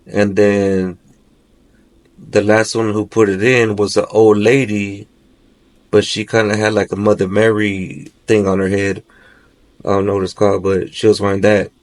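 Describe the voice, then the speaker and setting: An adult man, father of three, appears as a podcast guest to recount a nightmare. His lowish voice is flat and moderately paced, and he rambles, filling his speech with "you know" and "like".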